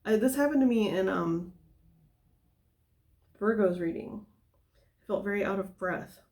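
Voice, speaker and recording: A woman's voice: mid-range voice, unhurried, darkish tone. A woman giving a casual tarot reading, talking in a loose, rambling way full of fillers and tangents. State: somewhat out of breath. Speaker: tarot reader.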